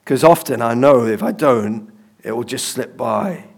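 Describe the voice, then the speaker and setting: A man's voice: mid-range voice, measured pace, husky. A man preaching in a conversational way, telling personal stories with fillers and chuckles.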